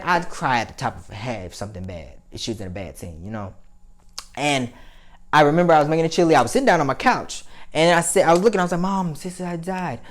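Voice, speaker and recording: A young man talking to camera in a casual, rambling and profane vlog monologue, his voice climbing high when he gets worked up. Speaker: vlogger.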